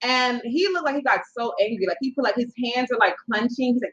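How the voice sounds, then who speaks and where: A young woman casually telling a long personal story as a podcast guest, animated and acting out what people said. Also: fairly high pitch. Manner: animated, quotes people in her story, quick asides. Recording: slightly dull lo-fi sound.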